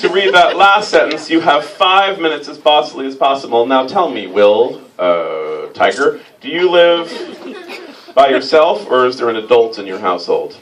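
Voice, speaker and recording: A man hosting a comic stage reading, teasing his volunteers in a dry, mock-pompous deadpan. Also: mid-range voice, normal speed. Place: stage before a live audience. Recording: distant mic, loud crowd laughter and noise.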